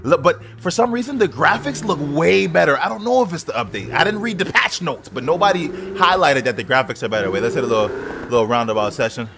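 A man giving casual, profane gameplay commentary as a gaming video host, reacting loudly to what happens in the game. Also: fairly high pitch, quick pace, creaky. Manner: excitable, profane outbursts at the game. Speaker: gaming YouTuber. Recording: noisy game audio under voice. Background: driving game engine and traffic sounds.

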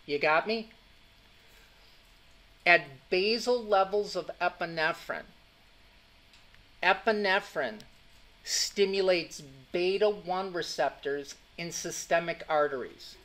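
Guy teaching a class, highish voice, emphatic, keeps asking "you got me". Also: takes it slowly, long pauses, a bit bright. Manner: emphatic, repeats key points, keeps checking students follow. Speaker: anatomy and physiology instructor. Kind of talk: classroom lecture.

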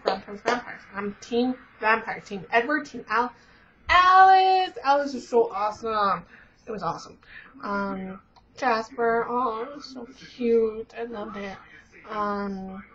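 A woman's voice: on the high side, a bit bright. A teenage girl vlogger rambling in casual chat, gushing with lots of fillers. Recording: dull lo-fi webcam audio.

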